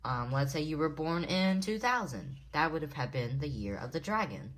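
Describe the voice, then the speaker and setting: A woman teaching a language lesson in a casual way, repeating words slowly syllable by syllable. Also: low-pitched, expressive, noisy background.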